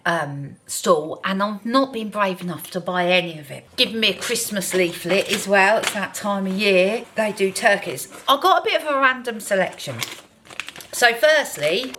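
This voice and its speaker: A woman's voice: medium pitch, bright, forceful tone. A woman vlogging in a chatty, self-deprecating way about her day. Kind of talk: casual vlog narration.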